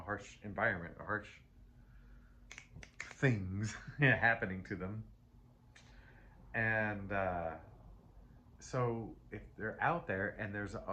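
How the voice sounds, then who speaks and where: A man's voice: lowish voice, a bit bright, slight background noise. A man giving a casual spoken tarot reading, rambling and emotional, often breaking off and restarting his sentences between laughs. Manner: rambling and self-interrupting, with frequent restarts. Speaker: tarot reader.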